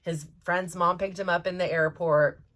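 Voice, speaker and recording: A middle-aged woman, a mother who hosts a podcast, tells a story in a casual, animated and rambling style full of fillers and restarts. Her pitch is fairly low and her speed normal.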